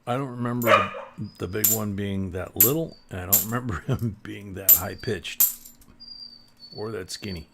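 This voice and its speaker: A man's voice: on the low side, moderate pace, creaky, very noisy. A man hosting a casual live coin stream, chatting and reading viewer comments aloud.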